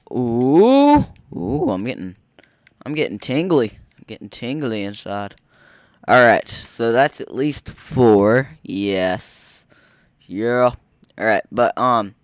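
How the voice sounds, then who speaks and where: A teenage boy rambling through a story while commenting on his gameplay, often cutting himself off and getting excited. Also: medium pitch, clear, resonant tone, dry recording, clean studio sound. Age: teens. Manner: rambling, self-interrupting, excitable. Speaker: gaming video host.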